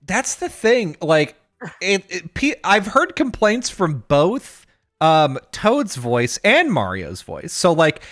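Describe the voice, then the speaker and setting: A young man co-hosting a casual podcast, quick to agree and to laugh along. His voice sits a little high, bright and forceful. His pitch swings widely as he talks. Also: wildly swooping pitch, no echo, clean studio sound. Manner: agreeable, brief affirmations, laughs easily. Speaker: podcast co-host. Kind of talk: casual chat.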